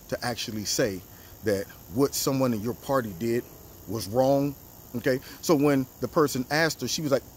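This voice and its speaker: A man hosting his own political commentary show, talking in an animated, mocking way and acting out the people he quotes. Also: mid-range voice, a little hiss or hum. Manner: animated, mocking, acts out quotes in different voices.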